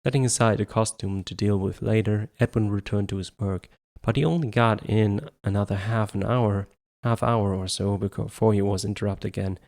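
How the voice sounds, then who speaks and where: A man with a low voice reads a story aloud as an amateur audiobook narrator. He often trips over words and restarts them, carrying on steadily. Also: fairly even intonation, normal speed, darkish tone. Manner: stumbles and restarts words, self-corrects. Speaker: audiobook reader.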